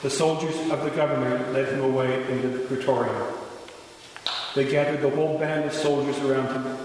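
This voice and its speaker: A man serving as lector, giving a steady, measured liturgical gospel reading. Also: mid-range voice, slight background noise. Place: large church. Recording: echoey church hall, long reverb.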